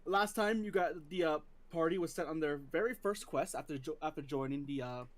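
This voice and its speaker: A man acting as game master, recapping the last session in a relaxed, explanatory way. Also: on the high side, a little fast. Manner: relaxed, explanatory, stumbles on words.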